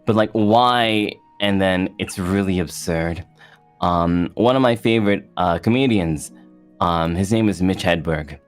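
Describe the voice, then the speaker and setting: A man chatting as a guest on a streamed talk show, rambling and halting, with many restarts. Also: sits low, soft background music. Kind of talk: casual chat.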